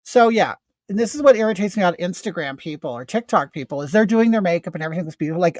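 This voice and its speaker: A man's voice: high-pitched, big pitch swings, fast talker, a little mellow, dry recording. A man in his fifties hosting a casual makeup livestream from home, chatting in a rambling way and answering viewer comments. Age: 50s.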